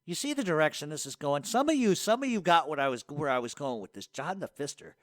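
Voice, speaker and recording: Profane, animated male podcast host. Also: fairly high pitch, fast, no echo. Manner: profane, laughs often, animated storyteller. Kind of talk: casual storytelling and Q&A.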